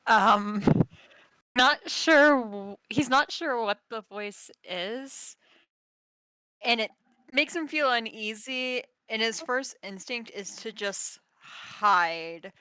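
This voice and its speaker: A woman's voice: fairly high pitch, animated, slow, bright, forceful tone, clean tone, no room sound. A woman playing in a tabletop game, describing her character's actions in the third person. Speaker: player. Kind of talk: casual tabletop role-play.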